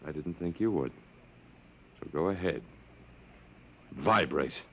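An actor playing a stubborn, worn-out human captive who swings between defiance and pleading, in an old radio drama. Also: male voice, very deep voice, animated, slow pace, breathy edge, heavily acted. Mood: defiant. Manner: defiant, then pleading and shaken. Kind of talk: 1950s radio drama acting. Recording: dull lo-fi old radio broadcast.

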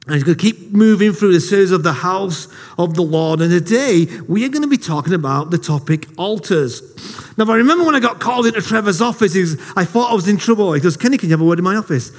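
A man's voice: sits high, expressive, a little fast. Joking man preaching in a reverberant hall. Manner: jokey, self-deprecating storyteller. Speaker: lay preacher. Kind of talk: casual sermon to a congregation.

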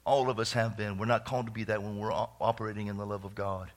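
A man preaching a sermon, animated, with frequent repeated phrases, dropping to soft asides and building up to shouts. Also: on the low side, fast talker. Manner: laughs often, repeats phrases. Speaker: pastor.

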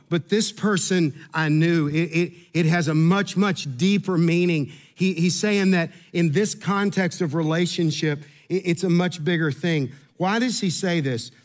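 A middle-aged man, preaching a sermon and telling a humorous personal story, earnest and given to repeating words. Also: high-pitched. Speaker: pastor.

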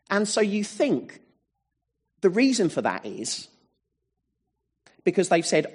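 A man's voice: high voice, very animated, takes it slowly, long pauses, husky. A man preaching a sermon, working through a psalm verse by verse and often adding rhetorical tag questions. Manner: expository, walking through verses.

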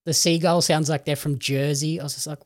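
A man co-hosting a casual film review podcast, speaking in a relaxed, agreeable way with lots of fillers. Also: a little high, fairly quick. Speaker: co-host commentator.

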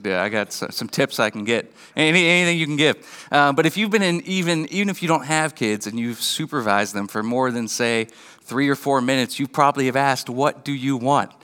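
Bright, crisp man preaching in a hall. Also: mid-range voice, expressive, brisk. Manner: conversational, joking, acts out little scenes. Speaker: pastor. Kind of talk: sermon. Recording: long hall reverb.

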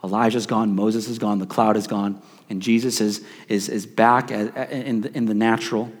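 A man's voice: fairly low pitch, flat delivery, normal speed. A male pastor preaching a sermon, telling a story with playful asides and frequent restarts. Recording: long hall reverb.

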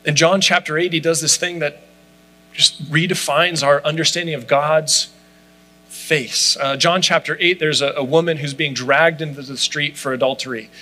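A man's voice: a little high, sharp tone, rough recording. A man preaching a sermon in a conversational way, often saying "like" as he talks. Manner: conversational, frequent "like" fillers. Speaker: pastor.

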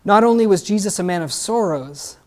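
A man's voice: high voice, expressive, fairly quick, darkish tone. A male preacher delivering a sermon in an easy, conversational manner. He is earnest, stumbles over a word now and then, and keeps checking in with a questioning "right?".

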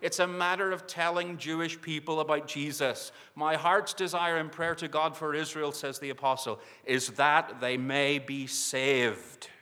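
A man speaking for a mission society delivers an urgent appeal from the pulpit, asking the congregation again and again to pray and give support. He talks at a measured pace with few pauses, his slightly high voice sharp in tone and fairly even in intonation, trailed by a long reverb.

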